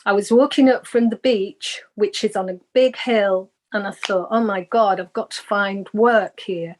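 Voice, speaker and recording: A woman's voice: mid-range voice, fairly even intonation, a little slow, slight background noise. A woman, a guest on an interview show, earnestly telling a personal spiritual story and acting out the voices she quotes.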